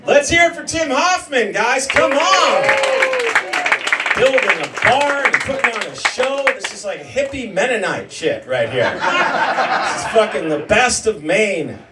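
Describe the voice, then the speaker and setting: A man in his forties doing a self-deprecating stand-up comedy set, yelling during some bits. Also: high voice, big pitch swings, unhurried, over a noisy crowd. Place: comedy show in a homemade bar. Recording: roomy, mic heard from a distance, noisy room.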